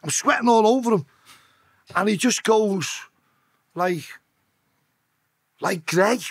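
Husky Liverpool man telling a story. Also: sits high, slow. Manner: swearing, acting out voices in his tale. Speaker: podcast guest. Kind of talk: emotional storytelling.

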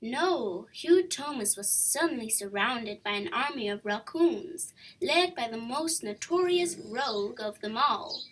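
High, lively storybook reader woman. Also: unhurried, few pauses, breathy edge, poor audio. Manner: expressive, animated storytelling. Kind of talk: children's book read-aloud.

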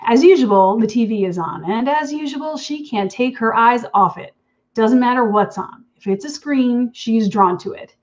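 A woman's voice: on the high side, normal speed, muffled recording. A woman author reading her own story aloud in an intimate, wry second-person voice. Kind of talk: reading fiction aloud at an online event.

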